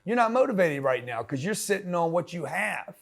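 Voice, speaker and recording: A man's voice: high voice, big pitch swings, fairly quick, vocal fry. A man giving a blunt, slangy motivational talk, punchy and direct, often acting out quoted voices. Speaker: motivational business speaker.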